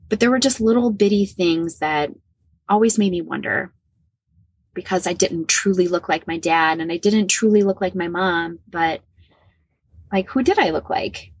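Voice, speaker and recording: A woman's voice: on the low side, slightly rough, no echo. A woman in her forties from the American Midwest, a podcast guest candidly telling her personal story and repeating herself when emotional. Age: 40s.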